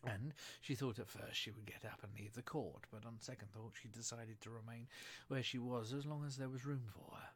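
Husky man reading a storybook. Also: mid-range voice, steady tone, normal speed. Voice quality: husky, breathy. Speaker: narrator. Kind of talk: storybook read-aloud.

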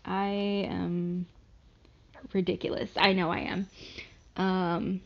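Young southern woman rambling slowly, swears a lot, self-deprecating, dull lo-fi audio. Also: on the low side, flat delivery, creaky. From Southern United States. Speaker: vlogger. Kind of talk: casual rambling monologue. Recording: dull lo-fi recording.

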